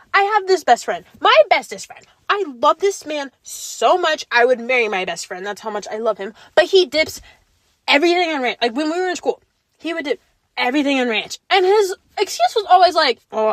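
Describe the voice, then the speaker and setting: A young woman chatting on her own podcast, with a high and very lively voice that swoops around as she tells stories. She slips into playful voices for the people she quotes. The sound is close and dry, with no room echo. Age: young adult. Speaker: podcast host. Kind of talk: casual solo chat.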